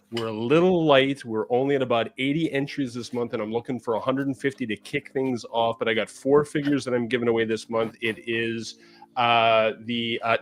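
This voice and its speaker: Canadian guy rambling fast on a collector podcast, lots of uhs, middle pitch. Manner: quick, rambling, many fillers. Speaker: podcast co-host. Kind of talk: casual chat.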